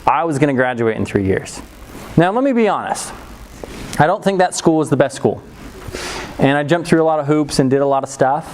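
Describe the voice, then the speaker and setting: Animated storytelling man, lively pitch. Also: a little fast, long pauses, slight background noise, rough recording. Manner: animated, acts out quoted voices with big pitch jumps; laughs often while telling. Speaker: speaker. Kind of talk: storytelling talk.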